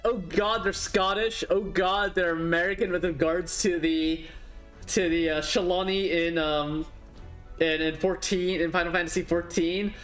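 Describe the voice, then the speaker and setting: A woman's voice: fairly low pitch, steady tone, a little slow, faint music behind. A woman streaming a video game, chatting casually, laughing often and teasing herself. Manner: giggly, self-mocking, apologetic.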